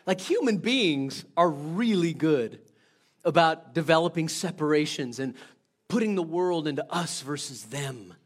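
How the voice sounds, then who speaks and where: Man preaching a sermon, fairly high voice, chatty, asks the congregation questions, loud and hushed turns. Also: expressive, unhurried. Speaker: pastor.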